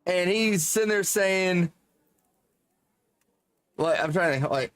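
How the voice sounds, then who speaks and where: A man's voice: high voice, slow, long pauses, clear, resonant tone. A man chatting casually while gaming, rambling, joking and swearing freely. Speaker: gaming streamer.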